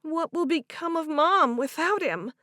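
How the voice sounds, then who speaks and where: A woman voicing a young woman who is grieving and tearful, speaking high and loud in an audiobook. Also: animated, a little slow, no echo, studio quality, heavily acted. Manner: high and loud, choked with distress. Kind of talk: audiobook character voice.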